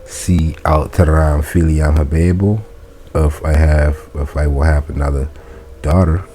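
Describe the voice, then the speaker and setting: A man's voice: rumbling low, level tone, measured pace, mellow, slight background noise. A man reading a Latin textbook aloud and translating it as he goes, thinking aloud, correcting himself and chuckling at his slips.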